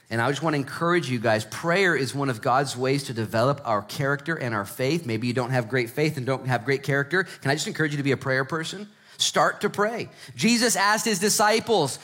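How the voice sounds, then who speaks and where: A man in his thirties or forties preaching a sermon in a conversational, joking way, dropping to hushed emphasis and then rising to loud, excited stretches. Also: on the high side. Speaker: pastor.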